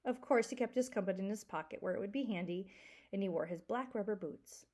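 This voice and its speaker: A woman teacher reading a children's book aloud to a second-grade class, expressive and asking the class questions. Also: medium pitch, brisk.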